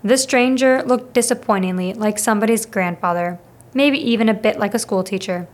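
A woman narrating a children's novel aloud in a steady, expressive reading. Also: medium pitch, a little fast. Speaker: audiobook reader. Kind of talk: scripted storybook narration.

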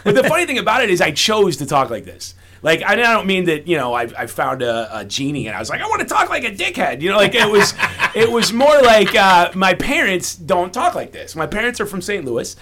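A man's voice: sits high, a little fast. A man with a Chicago accent, a comedian guest ranting sarcastically in casual radio chat. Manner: sarcastic ranting with animated put-on voices.

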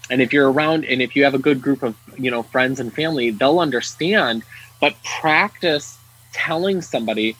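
Husky-voiced male podcast co-host. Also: mid-range voice, normal speed, fairly bright tone, poor audio. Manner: earnest, restarts often, talks to listeners. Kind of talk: casual podcast chat.

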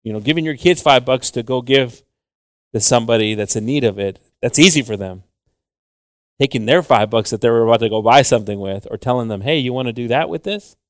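A man's voice: mid-range voice, brisk, dry recording, studio quality. A man preaching and leading prayer as a pastor, switching between English and Spanish and calling on the Lord again and again. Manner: pleading prayer with repeated "Lord" and "Jesus". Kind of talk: bilingual sermon and prayer.

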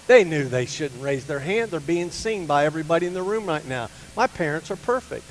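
Older guy pastor telling his story from the pulpit, pretty high voice, gets loud and punchy, echoey church hall. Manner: animated, rising to loud emphatic peaks. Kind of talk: sermon storytelling. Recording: hall reverb with faint hum.

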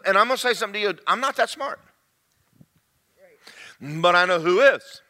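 A man preaching a sermon to a congregation, swinging between loud shouts and quiet, confiding asides. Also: high-pitched, lively intonation, moderate pace.

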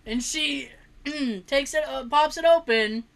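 A woman telling a funny family story in a casual, animated way, swearing freely and laughing often. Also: high-pitched, takes it slowly, creaky.

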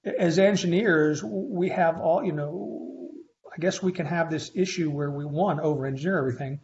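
A man in his fifties, a faculty instructor telling stories in a conversational interview, with animated delivery and frequent restarts. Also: on the high side, moderate pace, vocal fry, a little hiss or hum. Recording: slightly muffled lo-fi recording.

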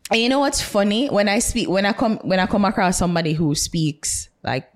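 A young adult woman with a Jamaican accent, co-hosting a podcast in casual chat, animated, blunt and teasing. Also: medium pitch, brisk. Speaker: podcast co-host.

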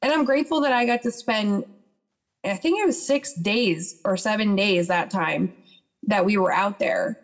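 A woman's voice: mid-range voice, normal speed. A woman as a podcast guest, chatting and retelling events with quoted dialogue. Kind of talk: casual storytelling interview.

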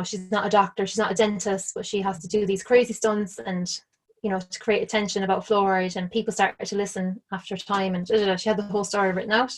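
Chatty Irish woman telling a story. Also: medium pitch. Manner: chatty, full of "like", acts out quoted lines. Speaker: interview guest. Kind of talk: casual storytelling.

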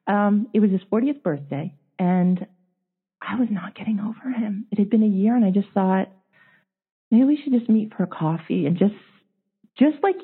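A woman's voice: mid-range voice, slightly rough. A woman in her forties telling a personal story in candid chat, emotional and confessional, acting out others' words. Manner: emotional, confessional, quotes others in animated voices. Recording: tinny phone-line audio.

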